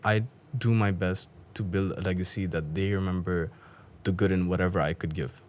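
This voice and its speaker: A podcast guest tells a story in a lively, casual way, slipping into the voices of its characters. He is a man with a very deep, low voice. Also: moderate pace, slight background noise. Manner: animated storyteller, acts out voices.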